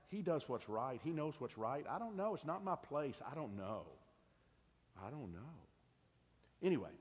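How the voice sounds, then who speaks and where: Middle-aged male pastor, husky, conversational sermon in a long-echo church. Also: medium pitch. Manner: earnest, conversational, asks the congregation questions. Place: church sanctuary.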